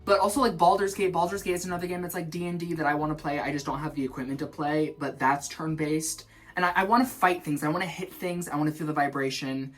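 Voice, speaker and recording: A young man vlogging in his shower, rambling in an animated, self-mocking way. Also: on the high side, quick pace, soft background music. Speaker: vlog host. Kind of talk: rambling stream-of-consciousness chat. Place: in the shower at home.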